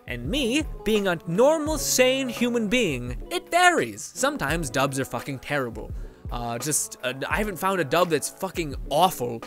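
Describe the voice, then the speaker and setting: A man's voice: a little high, big pitch swings, moderate pace, fairly bright tone. A man and streamer in a casual monologue, rambling and swearing as he gets heated, often mimicking other people's lines. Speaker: streamer talking to viewers. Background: faint background music.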